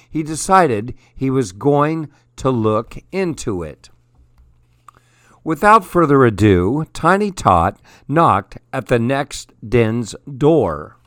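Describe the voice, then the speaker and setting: A man reads a picture book aloud at an unhurried pace, gently and expressively. His pitch rises and falls in a lively way. The sound is dry and close. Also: no echo. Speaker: radio storyteller. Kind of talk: read-aloud storybook narration.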